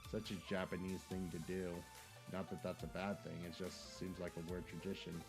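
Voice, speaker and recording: A man's voice: deep voice, flat delivery, normal speed. A man reading game dialogue aloud and tagging each speaker with "says", with joking asides between the lines, over game music. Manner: reads every line with "says", adds joking asides. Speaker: gaming YouTuber.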